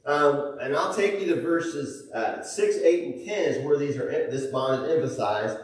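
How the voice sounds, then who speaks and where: A man's voice: a little high, a little slow, few pauses. A male pastor preaching a sermon in a church auditorium, talking conversationally with folksy asides and chuckles. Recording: echoey church hall, mic at a distance.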